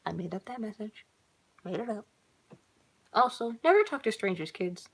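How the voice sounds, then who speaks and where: A woman's voice: mid-range voice, very animated, moderate pace, husky, rough recording. A woman casually reading her own horror story aloud, giggling and breaking off to comment on it.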